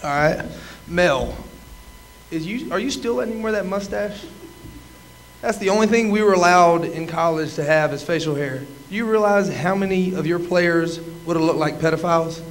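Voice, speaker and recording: Guy in his 20s doing a roast at a banquet, jokey, lots of uhs, slightly high voice, faint room hum behind. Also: moderate pace, rough recording. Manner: joking, teasing, many filler "uh"s. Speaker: roaster, former quarterback. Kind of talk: comedy roast speech.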